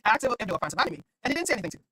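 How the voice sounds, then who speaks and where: A man from Trinidad streaming, reading a story aloud and reacting with animated laughter. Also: sits high, racing, husky, no echo, clean studio sound.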